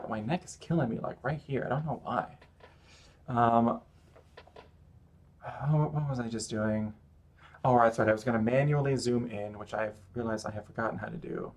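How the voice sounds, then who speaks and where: A man's voice: medium pitch, a little mellow. A male streamer talks loosely as he draws, narrating every step. He rambles and pokes fun at his own mistakes in an easy, conversational way. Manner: rambling, self-mocking running commentary. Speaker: streamer drawing live. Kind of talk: casual chat while drawing.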